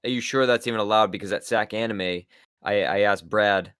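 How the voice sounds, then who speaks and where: A man appearing as a guest voice actor on a stream, chatting and joking in a relaxed way. His voice is fairly low and sounds close and dry. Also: fairly quick, smooth, no echo. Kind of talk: casual chat.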